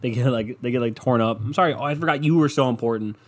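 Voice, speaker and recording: A young man hosts a casual solo podcast, talking fast in a medium-pitched voice. He rants with lots of swearing, mocks people and laughs at his own jokes.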